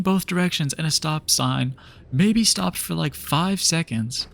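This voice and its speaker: A young man streams a game while telling a long, rambling story, sounding exasperated and using lots of fillers. It's casual storytelling while gaming, and his voice is gravelly, unhurried, and on the high side.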